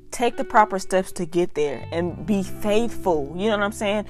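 Over faint music, this young faith vlogger talks through a devotional reading at normal speed, her medium-pitched voice running with few pauses. She's earnest and emphatic and keeps saying "y'all."

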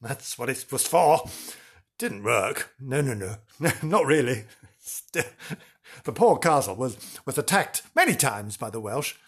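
A man with a husky voice telling an old legend with a wink, stepping out of the story for jokey asides. His pitch sits in a middle range, and he paces the tale for suspense. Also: very animated, measured pace, fairly bright tone. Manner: theatrical, jokey asides, chuckles. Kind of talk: playful storytelling narration.

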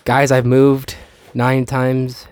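A man's voice: mid-range voice, monotone, drawn-out words, darkish tone, clear, resonant tone. Tired, nasal young man on a podcast. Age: young adult. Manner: rambling, self-deprecating, hesitant. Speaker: podcast co-host. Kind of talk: casual podcast chat.

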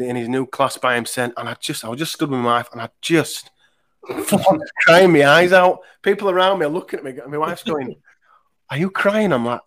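A man's voice: on the high side, fairly bright tone. A man in his thirties hosting a podcast, telling rambling emotional stories in casual chat and swearing freely.

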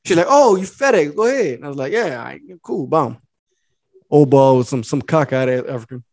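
A man's voice: fairly high pitch, animated, fairly quick, darkish tone, no room sound, clean studio sound. A young man co-hosting a podcast, telling a profane story and acting out both sides of it. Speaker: podcast co-host. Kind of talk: casual storytelling.

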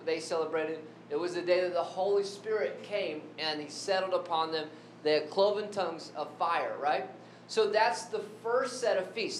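A man preaching a sermon who keeps asking the congregation questions. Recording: echoey room with faint rumble.

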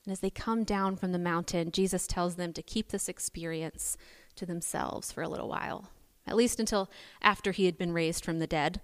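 A woman preacher giving a sermon, telling the story in an animated, playful way. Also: fairly low pitch, moderate pace. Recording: long hall reverb.

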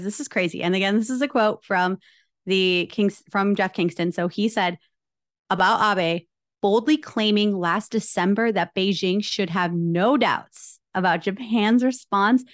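A young woman co-hosting a podcast, chatting casually, reading quotes aloud and reacting quickly. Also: medium pitch. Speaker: podcast co-host. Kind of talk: casual chat.

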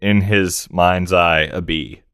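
Male podcast co-host, deep smooth voice, dry close sound, jokey deadpan. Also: dry recording. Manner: jokey, deadpan asides, quick to correct facts. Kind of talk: casual film review chat.

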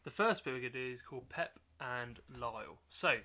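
A man's voice: mid-range voice, lively intonation, normal speed, bright, forceful tone. A man co-hosting a comedy podcast in a chatty, laid-back way. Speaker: podcast co-host. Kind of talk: casual comedy podcast chat.

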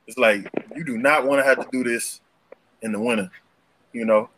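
A young man, telling a slangy, animated story on a casual podcast and leaping up in pitch for punchlines. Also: normal speed. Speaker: podcast co-host.

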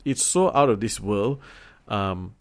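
A man's voice: on the low side, slow. A man from Singapore with a Singaporean English accent, chatting bluntly and casually, swearing and using many fillers. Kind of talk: casual chat.

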